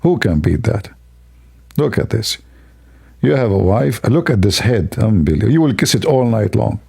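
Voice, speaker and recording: Husky gravelly guy on a live stream, sarcastic and rambling, fake gushing. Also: lowish voice, big pitch swings, moderate pace, dark tone. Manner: sarcastic, rambling, mock-admiring. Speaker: livestream host. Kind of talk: mocking livestream commentary.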